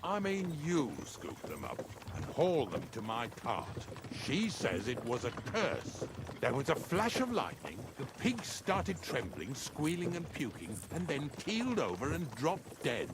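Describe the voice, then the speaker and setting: A man's voice: mid-range voice, huge pitch swings, unhurried, hardly any pauses. An actor playing a coarse, joking male knacker in a video game, blunt and folksy. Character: coarse, joking male knacker who hauls dead animals. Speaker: game character. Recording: game audio with loud ambient noise.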